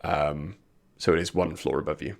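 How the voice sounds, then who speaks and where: A man's voice: a bass voice, steady tone, normal speed, vocal fry. A British man running a tabletop game as dungeon master, narrating casually with lots of ums and restarts. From Britain.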